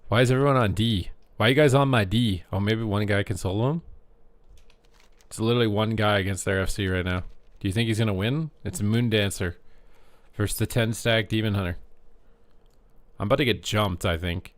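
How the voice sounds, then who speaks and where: Excitable man streaming a game. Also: fairly low pitch, fairly quick, no echo. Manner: jokey, yells and taunts opponents in silly voices. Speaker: streamer playing an online game. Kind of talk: excitable gameplay commentary.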